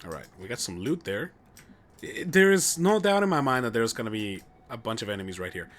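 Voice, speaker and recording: A man's voice: mid-range voice, lively intonation, a little fast, a bit bright. A young man commentating his own gameplay on a live stream, chatty and joking as he thinks aloud. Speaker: game streamer.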